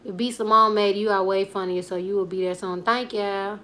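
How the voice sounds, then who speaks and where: Bright-voiced chatty woman in her twenties. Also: mid-range voice, steady tone, normal speed, slight background noise. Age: 20s. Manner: chatty, slangy, rambling, laughing asides. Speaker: comedian and YouTuber. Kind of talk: casual live-stream chat reading viewer comments.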